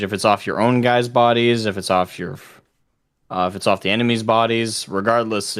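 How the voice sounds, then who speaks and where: Smooth low-voiced man explaining casually. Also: fairly bright tone. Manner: explains plainly with filler words. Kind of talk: casual group discussion.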